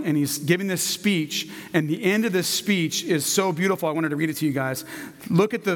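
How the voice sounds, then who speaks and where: A man preaching, telling a children's story in a gentle, narrative manner. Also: on the high side, long reverb tail. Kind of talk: sermon storytelling.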